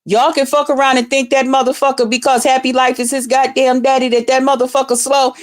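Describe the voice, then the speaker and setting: A woman vlogger giving casual, heavily profane commentary, bursting into loud excited outbursts. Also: high voice, brisk. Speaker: vlogger reviewing a livestream contest.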